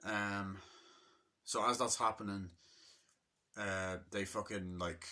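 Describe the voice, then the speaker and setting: A young man giving a casual, rambling movie review, swearing often and filling pauses with ums. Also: lowish voice, fairly even intonation, bright, forceful tone. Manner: rambling and profane, full of fillers.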